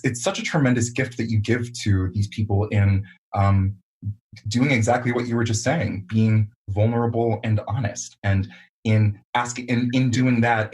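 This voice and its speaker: A man with a low, slightly husky voice hosts a podcast conversation. He speaks thoughtfully and affirms his guest's words. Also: darkish tone, poor audio. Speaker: podcast host.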